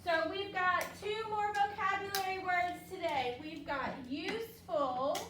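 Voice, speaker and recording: A woman teacher leading a classroom phonics lesson, upbeat and patient, drawing words out slowly for the children. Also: very high-pitched, noisy background. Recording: echoey classroom from far off.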